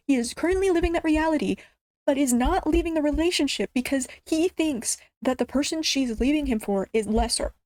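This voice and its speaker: Excitable woman ranting about a drama. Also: high voice, a little fast, dry recording. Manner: excitable, rambling, with many fillers and restarts. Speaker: VTuber recapping a drama. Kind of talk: casual ranting recap. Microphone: studio mic.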